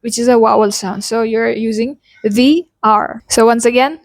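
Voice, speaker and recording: A young Indian woman with an Indian English accent, teaching pronunciation as an accent coach, repeating example words slowly to demonstrate them. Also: on the high side, flat delivery, a little mellow, dry recording, studio quality. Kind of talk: pronunciation lesson.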